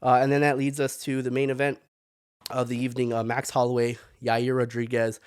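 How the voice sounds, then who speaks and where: A man's voice: medium pitch, monotone, brisk, clean tone, no echo. A man in a mid-range voice hosting a sports podcast, talking loosely and opinionatedly as he riffs on the latest fights. He rambles a little and keeps tossing in "man". The sound is close and dry, with no room around it. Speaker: podcast host. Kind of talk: casual sports commentary.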